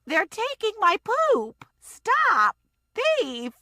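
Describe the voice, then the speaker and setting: A woman voicing a frightened but stubborn old woman with a shrill, pleading manner. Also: wildly swooping pitch, takes it slowly, sharp tone, dry recording, studio quality, full character voice.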